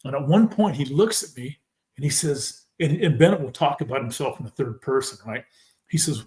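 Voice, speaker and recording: A man telling his own story as a podcast guest, emphatic and animated, acting out what others said. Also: mid-range voice, a little fast. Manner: animated, retells scenes by quoting people; emphatic, fervent. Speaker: podcast guest, former football player. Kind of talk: personal storytelling in a conversation.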